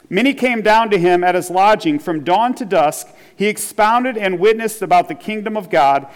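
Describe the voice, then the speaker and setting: A man preaching a sermon as pastor, earnest, reading scripture and explaining it, often restarting phrases and asking "right?". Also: high voice.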